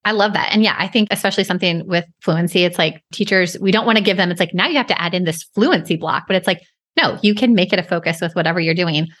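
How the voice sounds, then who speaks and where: A woman's voice: lowish voice, steady tone, fast, fairly bright tone. A woman hosting a podcast, asking enthusiastic, rambling questions. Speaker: podcast host. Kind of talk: casual conversational interview.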